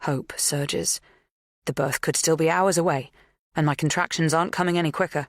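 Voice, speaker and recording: A woman narrating a first-person psychological thriller in a measured, tense, intimate way. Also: sits low, steady tone, dry recording, clean studio sound. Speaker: audiobook narrator.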